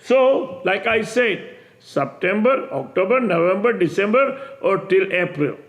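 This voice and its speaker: A man in his sixties preaching in a monologue to his viewers, emphatic and repetitive, with halting restarts. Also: sits high, lively intonation, fairly bright tone. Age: 60s. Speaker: self-proclaimed messiah addressing viewers.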